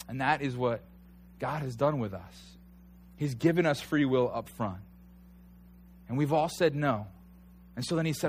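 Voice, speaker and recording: Animated, fairly high-voiced male pastor. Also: normal speed, a little hiss or hum. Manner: conversational, animated storytelling, rising to near shouts at times. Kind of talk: sermon.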